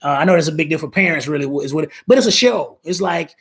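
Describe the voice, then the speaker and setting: Hosting a relaxed live stream, this thirtysomething man talks quickly in a slightly high, gravelly voice with a breathy edge. He rambles, repeats himself, and reads comments from viewers aloud.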